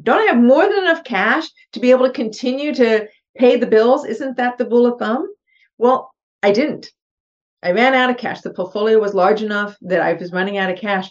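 Earnest middle-aged woman telling her story. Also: medium pitch. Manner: earnest, animated, acts out her own thoughts in quotes. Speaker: podcast guest, real estate investor. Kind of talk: personal storytelling in an interview. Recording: slightly dull, muffled podcast audio.

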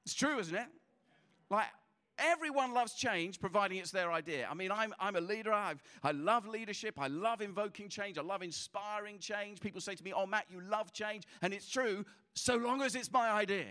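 A middle-aged pastor preaches with a fairly high voice. He talks conversationally and tells his stories with animation, often stumbling and restarting a phrase before pressing on. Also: animated, normal speed, pushed and bright. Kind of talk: sermon.

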